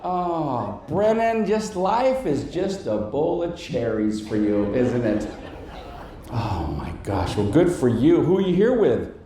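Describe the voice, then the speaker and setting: A man's voice: mid-range voice, takes it slowly, slight background noise. A man doing stand-up crowd work on stage, teasing audience members and laughing along as he goes. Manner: teasing, animated, bursts of laughter. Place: large cruise ship theater. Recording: roomy live theater with crowd.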